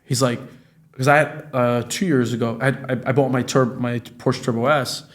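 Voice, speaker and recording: Young man, casual podcast chat, animated storytelling, profane, medium pitch. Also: normal speed. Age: 20s. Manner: animated storytelling, profane, acts out quoted dialogue. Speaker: guest, real estate business owner.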